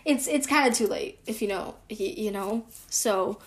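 A woman's voice: medium pitch, moderate pace. A young woman co-hosting a casual podcast, giggling and restarting her intro lines. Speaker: podcast co-host. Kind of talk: casual podcast chat, blooper takes.

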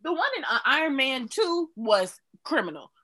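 A woman's voice: sits high, very animated, moderate pace, sharp tone, rough recording. A woman co-hosting a podcast, chatting casually in a playful, slangy way. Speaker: podcast co-host. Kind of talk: casual chat.

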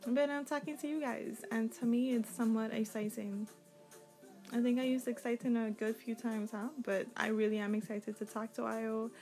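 A young woman with a Caribbean accent talks on her own podcast, rambling freely and candidly. Her voice sits a little high with a gravelly, fry-edged texture. Faint music plays behind her. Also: flat delivery, moderate pace, mellow, poor audio. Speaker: podcast host. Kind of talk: casual solo podcast monologue.

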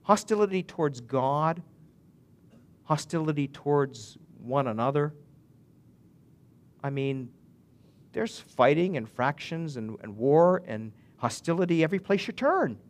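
A man preaching a sermon with a voice pitched a little higher than most men. He speaks earnestly, restarts his phrases often, and builds into emphatic swells as a pastor to his congregation. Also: lively intonation, measured pace, long pauses.

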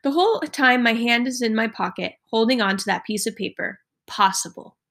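A woman teacher reading a novel aloud to her class in an expressive way. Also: fairly high pitch, fairly quick.

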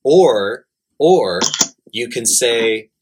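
A man's voice: medium pitch, lively intonation, extremely slow, noisy background. A man giving blunt, emphatic dating advice in casual talk, repeating key points. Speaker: dating coach.

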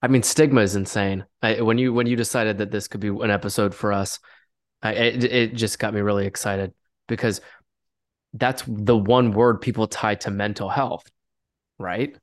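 Male co-host, lower voice, easygoing and halting in conversation. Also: no echo, clean studio sound. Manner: relaxed, agreeable, halting with restarts. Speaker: podcast co-host. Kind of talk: casual conversational podcast.

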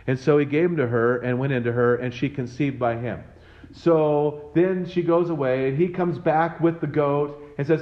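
A man leads a loose, conversational Bible teaching, paraphrasing scripture and acting out the quoted lines as he goes. His pitch sits in an ordinary middle range. The recording is slightly dull and lo-fi. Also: moderate pace. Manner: conversational, retells scripture with quoted voices and asides; frequent fillers and restarts.

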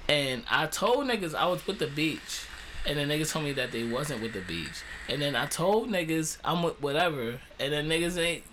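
Slangy young New host. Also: male voice, fairly high pitch, expressive, normal speed. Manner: loose, laughing, slangy trash talk. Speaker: podcast host. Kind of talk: casual banter. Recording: noisy room recording.

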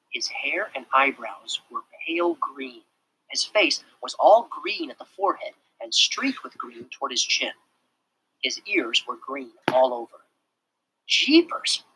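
An expressive narrator reading a children's chapter book aloud, sometimes dropping to a whisper. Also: mid-range voice, measured pace, slight background noise, poor audio. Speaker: storybook narrator.

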